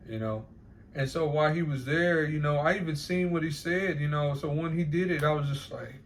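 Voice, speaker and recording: A man's voice: fairly high pitch, a little fast, slight background noise. A man talking in a loose, rambling monologue, swearing often and laughing between repeated phrases. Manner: profane, repetitive, laughing asides.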